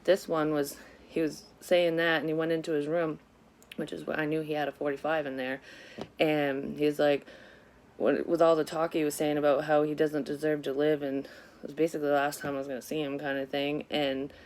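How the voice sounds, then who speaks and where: A woman's voice: deep voice, level tone, fairly quick, darkish tone, a little hiss or hum. A woman vlogger candidly telling a personal story in a casual, rambling way, with lots of swearing and frequent self-corrections. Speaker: psychic medium vlogger.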